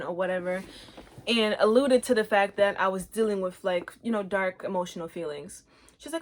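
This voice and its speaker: A young adult woman with a mid-range voice shares a personal testimony as host of her own show. She speaks in a casual, slangy way. When she quotes her past self, her voice jumps up and becomes more animated. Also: a little fast. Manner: acts out her own quoted words with lively pitch jumps; casual slang, relaxed everyday phrasing.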